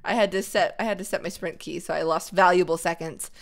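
A woman hosting casual gaming commentary, excitable, laughing and quick to panic as she plays. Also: fairly low pitch, creaky. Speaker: host.

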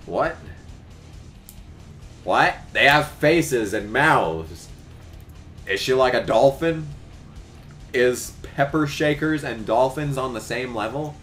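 A man reads a bizarre fan fiction aloud, breaking off again and again with profane, disbelieving remarks. His voice sits at a middle pitch, and faint music plays in the background. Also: expressive, takes it slowly, long pauses, fairly bright tone. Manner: profane, incredulous, exclaiming. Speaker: YouTuber.

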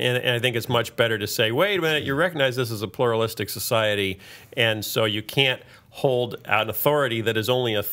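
A man's voice: fairly low pitch, sharp tone. A man hosting a podcast in casual chat, reading listener letters aloud with playful asides. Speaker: podcast host.

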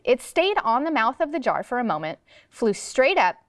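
Woman teacher, animated read-aloud, fairly high pitch, dry close sound. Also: moderate pace, dry recording. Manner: expressive storybook reading with voices. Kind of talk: classroom read-aloud lesson. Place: studio classroom.

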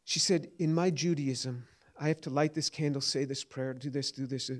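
A man's voice: a little high, fairly even intonation, normal speed. A man in his fifties giving earnest answers to audience questions at a lecture, often restarting words. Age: 50s.

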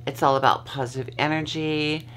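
A woman vlogger host chats casually from her bed at home, rambling, losing her train of thought and swearing freely. Her voice is deep and a bit bright, with fairly even intonation at normal speed, over slight background noise.

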